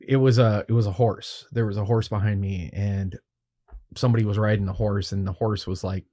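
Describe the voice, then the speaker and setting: A man's voice: on the low side, fairly even intonation, fairly quick, dark tone. A man, a photographer, casually telling a rambling, swearing anecdote on a podcast. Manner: rambling, profane, laid-back anecdotes. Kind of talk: casual storytelling.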